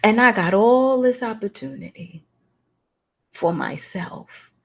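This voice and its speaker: Slow-talking woman. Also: fairly high pitch, vocal fry. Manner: emotional, preacherly storytelling addressing listeners as y'all. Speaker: host. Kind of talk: personal testimony talk.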